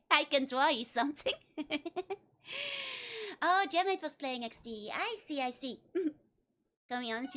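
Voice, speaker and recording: A virtual streamer with a Dutch accent chats playfully with her livestream viewers, giggling often between lines. Her voice sits high with a fairly bright tone.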